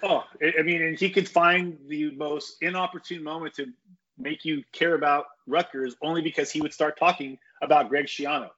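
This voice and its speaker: A man's voice: fairly high pitch, fairly even intonation, moderate pace, a bit bright, highs cut off. A man giving his opinions on college football in a casual podcast chat. He rambles with restarts and strong takes.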